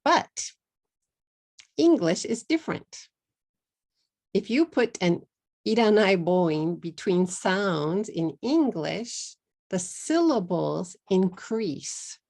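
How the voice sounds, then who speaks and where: Slow, gravelly Texan woman teaching English. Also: mid-range voice, big pitch swings, darkish tone. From Texas, USA. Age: middle-aged. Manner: slow, deliberate explaining, slipping into Japanese at times. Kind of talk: online English lesson.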